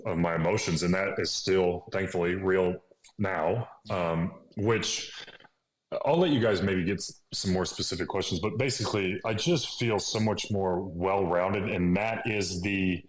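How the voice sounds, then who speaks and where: His voice sitting low and a little slow, a podcast guest in his thirties earnestly walks through a personal story, lowering to a whisper for remembered thoughts. It's captured in an echoey room with faint noise.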